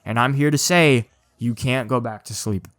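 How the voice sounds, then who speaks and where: A man's voice: medium pitch, normal speed, fairly bright tone, no room sound, clean studio sound. A man hosting his own video channel, talking to the camera in an urgent, informal way and often dropping "dude" and "man". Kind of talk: casual monologue to camera.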